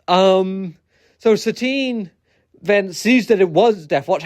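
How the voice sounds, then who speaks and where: A video essayist ranting casually, rambling through many fillers and restarts with exasperated, incredulous asides. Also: medium pitch.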